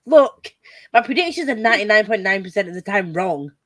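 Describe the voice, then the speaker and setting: A woman hosts a casual group chat, telling animated stories full of laughter and swearing. Her voice is medium-pitched, with no room sound.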